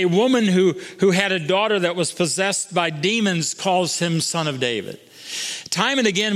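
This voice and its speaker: A man preaching a sermon as pastor, swinging between soaring emphatic lines and hushed, intimate ones. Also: sits high, long reverb tail.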